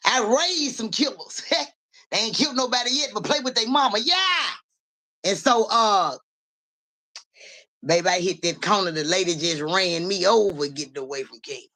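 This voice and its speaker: A woman with a medium-pitched, animated voice, pushed and bright at normal speed, livestreams as a psychic reader in a casual way. Her talk is profane street slang, full of viewers' names and "you hear me," broken by an occasional cough or throat-clear.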